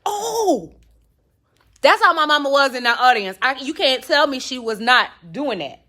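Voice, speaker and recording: Brief: a woman host with a slightly high voice spinning a funny, cuss-filled story for her listeners. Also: brisk. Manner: animated, profane, addresses listeners as y'all. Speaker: podcast host. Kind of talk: comic personal storytelling.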